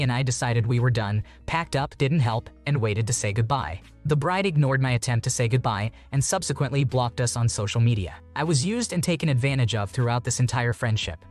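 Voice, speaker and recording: Brief: male narrator for online story readings, steady and even, faint music bed. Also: mid-range voice. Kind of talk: reading stories aloud with brief comments.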